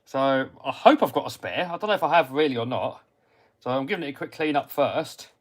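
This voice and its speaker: A man's voice: medium pitch, animated, brisk. An English man hosting a casual live stream about radio-control cars, reading out viewer comments and answering them, muttering to himself while he cleans parts. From England. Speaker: RC hobby livestream host. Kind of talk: casual live-stream chat while working on a model car.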